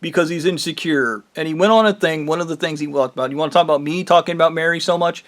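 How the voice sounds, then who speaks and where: Guy ranting at the camera, mad and swearing, kinda high voice. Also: fast talker, fairly bright tone. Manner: angry, profane, ranting. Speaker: vlogger. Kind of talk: angry monologue to camera.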